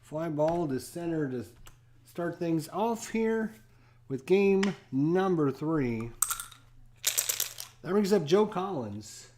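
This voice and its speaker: A man hosting and calling a tabletop baseball game in a relaxed, casual play-by-play, with frequent fillers and pauses. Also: on the high side, slight background noise. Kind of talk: casual solo game commentary.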